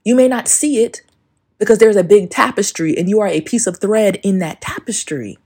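A woman's voice: medium pitch, normal speed, dark tone, husky. A woman hosting a casual spiritual podcast, talking emphatically with plenty of swearing and often breaking into song lyrics. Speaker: podcast host.

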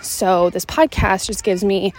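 A woman's voice: medium pitch, steady tone, measured pace. A woman from Seattle records her podcast while out on an evening walk, a little short of breath as she goes. She chats casually and rambles, dropping "like" into almost every thought. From Seattle, Washington, USA. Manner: chatty, rambling, many "like" fillers. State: slightly out of breath. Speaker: podcast host and fitness coach. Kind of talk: casual solo podcast chat.

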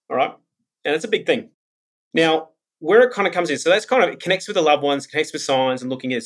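Man, podcast host, chatty storyteller, mid-pitched voice. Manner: chatty storyteller, animated retellings. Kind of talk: casual spiritual podcast monologue.

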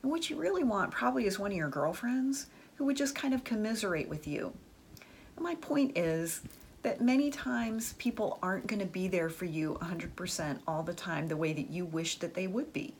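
This relationship advice speaker has a mid-range voice with lively intonation and a normal pace, plus a little hiss or hum. In a candid, talkative monologue she recounts friends' experiences, frequently using "like" and "the truth is."

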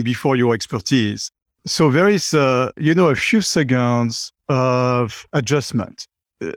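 A man's voice: medium pitch, no room sound, studio quality. A middle-aged man, a chatty interview guest who fills his talk with "you know". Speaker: guest, company CEO. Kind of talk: conversational interview.

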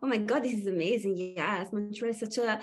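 A woman's voice: medium pitch, fairly quick, breathy edge. A woman hosting a podcast interview who is bubbly and effusive, gushing over her guest. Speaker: podcast host.

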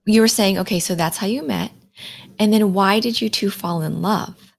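A woman's voice: mid-range voice, normal speed, vocal fry. A woman interviewer reacting and asking follow-up questions, laughing along with her guest. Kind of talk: casual interview.

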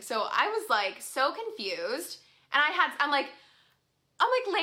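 A woman's voice: high voice, very animated, moderate pace, pushed and bright. A young woman casually telling a story to her viewers, chatty and full of "like" fillers, laughing often. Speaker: vlogger.

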